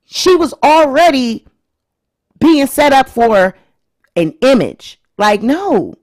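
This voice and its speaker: A woman's voice: high voice, lively intonation, takes it slowly, a little mellow. A woman hosting her own vlog, giving chatty, opinionated commentary straight to her viewers. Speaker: vlog host. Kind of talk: casual celebrity-news commentary.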